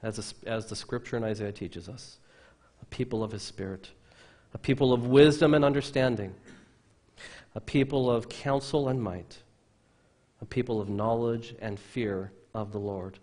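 A man pastor preaching a sermon from the pulpit of a church, emphatic, with loud stresses that drop into quiet asides. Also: medium pitch, steady tone, normal speed.

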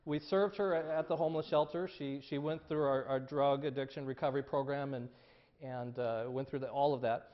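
A man's voice: mid-range voice, steady tone, brisk, dull audio. A male pastor preaching a sermon in a conversational storytelling way, often repeating words as he goes.

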